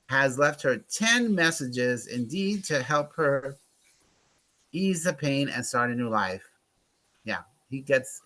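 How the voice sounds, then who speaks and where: A man's voice: mid-range voice, fairly bright tone. A man hosting a casual movie club chat, gossiping and making sarcastic asides about a film and its cast.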